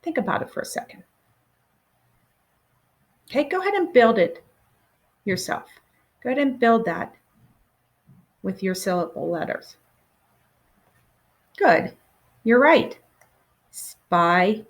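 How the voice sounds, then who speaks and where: A woman teacher leading a recorded phonics lesson for children, patient and encouraging, pausing for answers. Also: fairly high pitch, very animated.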